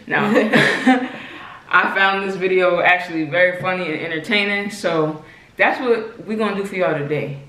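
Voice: mid-range voice, normal speed, pushed and bright. Playful young vlogger in an echoey room. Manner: playful, laughing, making up rambling nonsense stories. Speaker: channel host. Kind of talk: casual vlog chat and prank phone calls. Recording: echoey room, faint hiss.

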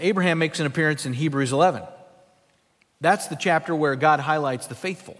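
A male pastor delivers an emphatic teaching sermon from scripture in a fairly high voice. His words ring out through a church sanctuary with a long reverb. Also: a bit bright.

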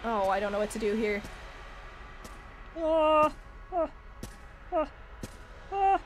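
High, lively woman streamer, dramatic. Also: slow pace, slight background noise. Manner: dramatic, self-mocking, yelps and shrieks when panicked. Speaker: gaming streamer. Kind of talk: casual let's-play commentary. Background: game music.

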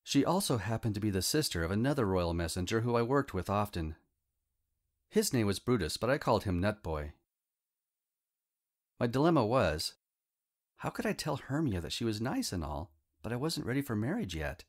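Low, lively male audiobook narrator. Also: moderate pace. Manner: wry, humorous storytelling as a teenage wizard. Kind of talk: first-person scripted narration.

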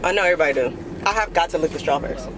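A woman's voice: sits low, racing, roomy sound, background noise. A young woman from Los Angeles with an LA accent, chatting casually to camera in a vlog and calling her viewers y'all. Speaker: vlogger.

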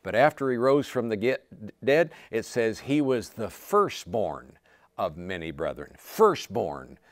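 A man preaching a sermon in a dry, close recording. His voice swoops high and low as he acts out the story, sometimes breaking into loud cries. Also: measured pace, no room sound. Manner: animated, acts out quotes with sudden shouts and laughs.

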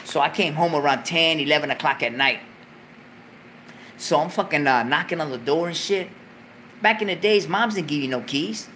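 A man hosting a talk show, telling a story in a profane, animated way, loudly acting out what was said. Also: on the high side, moderate pace, slight background noise. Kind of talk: casual storytelling.

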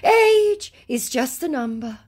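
A woman voicing a pushy, dim male romance scammer in a slow, high, exaggerated way. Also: big pitch swings, a little mellow, slightly rough, exaggerated voice.

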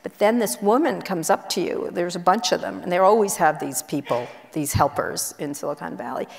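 A woman journalist telling blunt, brisk anecdotes with many asides, on stage in a university auditorium. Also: lowish voice, vocal fry. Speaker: guest journalist. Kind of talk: onstage conversation, storytelling. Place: university auditorium before an audience. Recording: echoey auditorium hall.

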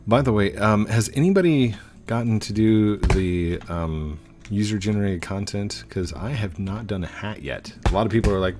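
A man's voice: fairly low pitch, normal speed, a little mellow, soft background music. A man hosting a gaming video, rambling and joking with other players in casual commentary.

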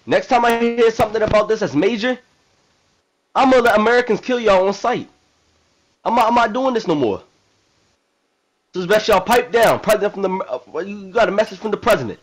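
A man's voice: sits high, expressive, fairly quick, long pauses, low-quality recording. A man voicing a brash, hot-tempered male president in a video game role-play drama, rambling in profane street slang. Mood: defiant.

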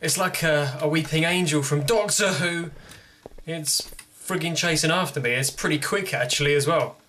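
Young male gamer host, bright tone, jittery joking horror commentary, faint noise. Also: on the high side, moderate pace. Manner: jumpy, jokey, talking to himself. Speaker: gaming video host. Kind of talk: horror game let's play commentary.

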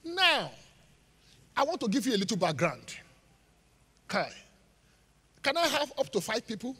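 A high-pitched pastor preaches a lively sermon, his voice swinging up and down as he fires rhetorical questions at the congregation. His tone is bright and cutting, and the live recording carries the long reverb of a large church hall. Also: normal speed, breathy edge. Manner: animated preaching, rhetorical questions, laughing asides.

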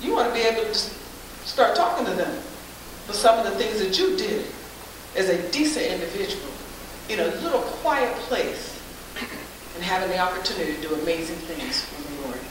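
A woman giving a faith-based public speech, preacherly, building to loud emphatic peaks, recorded from a distant mic in a very echoey hall with faint hiss. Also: medium pitch, animated, brisk. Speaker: guest speaker.

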